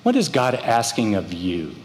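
Here a middle-aged man pastors a church congregation through a sermon, his lowish voice swooping wildly in pitch at a slightly slow pace. He tells stories and performs the quoted voices, all in a reverberant hall with a little hiss or hum.

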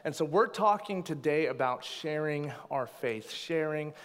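Storytelling pastor in a reverberant hall. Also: male voice, a little high, lively intonation, unhurried. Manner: storytelling, playful asides. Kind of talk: sermon with personal stories.

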